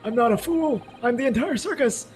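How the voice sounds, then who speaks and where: A man's voice: very high voice, lively intonation, brisk. A man reading game dialogue aloud as a panicky young foreign student accused of murder, pleading and frantic. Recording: noisy home mic.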